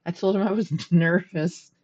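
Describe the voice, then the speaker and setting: Low-voiced chatty woman game streamer. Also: darkish tone, dull audio. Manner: chatty, laughs often, self-deprecating. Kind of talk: casual gameplay commentary. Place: at home.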